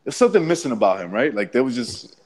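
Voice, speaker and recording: A man's voice: mid-range voice, very animated, fast talker. A man co-hosting a boxing podcast in casual chat, rambling and stumbling over his words. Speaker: podcast co-host.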